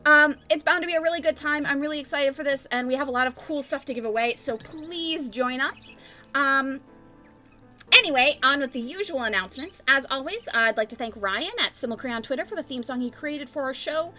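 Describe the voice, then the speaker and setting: A woman hosting a tabletop game stream, reading out announcements in a casual, rambling way. Her voice is high and bright, and she chats along easily. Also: a little fast, faint music behind. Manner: chatty, rambling with fillers. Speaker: stream host.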